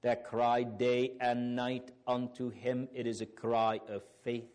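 A man's voice: medium pitch, flat delivery, slow pace, a little mellow. A man preaching a sermon, earnest and fervent, with old biblical phrasing and rising exclamations.

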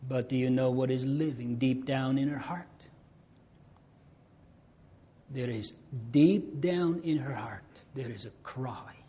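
Guy preaching a sermon real slow, mellow voice, goes loud then almost whispers. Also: mid-range voice. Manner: slow, swinging between loud appeals and hushed near-whispers.

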